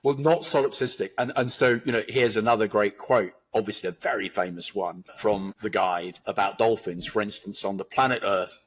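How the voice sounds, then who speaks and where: A man with a low, slightly husky voice talks through ideas at length. His manner is thoughtful and philosophical, and he builds each point out in long, expansive runs of reflective conversation. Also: normal speed, few pauses. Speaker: guest commentator.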